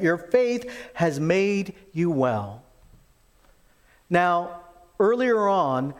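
Animated high-voiced male preacher. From lived in Texas. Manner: animated storytelling preacher, acts out the quotes. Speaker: pastor. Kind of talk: sermon.

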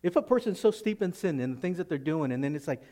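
A man preaching a sermon as pastor in a church, animated and laughing as he acts out the people he talks about. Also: on the high side, fast, big-room sound. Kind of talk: expository sermon.

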